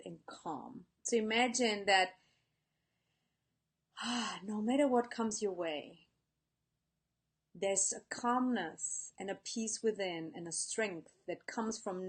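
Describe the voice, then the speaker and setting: A woman life coach giving an earnest live-stream talk, speaking straight to her viewers and reading out their comments. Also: medium pitch. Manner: earnest, warm-hearted, speaks to viewers directly.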